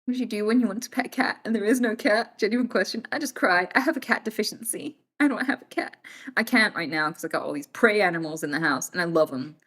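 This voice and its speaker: A woman's voice: mid-range voice, fast, fairly bright tone. A British woman streaming live, answering her chat casually and bluntly, swearing freely and moving between jokes and serious points.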